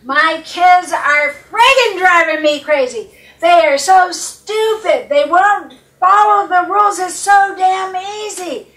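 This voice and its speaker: A woman acting out a frustrated mother ranting loudly about her kids, in an echoey room with a distant mic. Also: very high voice, slow pace, pitched above the performer's own voice, full character voice. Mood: exasperated. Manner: loud, exasperated ranting. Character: frustrated shouting mother, at her wits' end.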